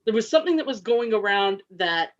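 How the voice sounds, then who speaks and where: A woman joining a casual group chat as a guest, expressive and acting out reactions as she talks. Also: mid-range voice, fairly quick, lo-fi sound. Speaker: podcast guest.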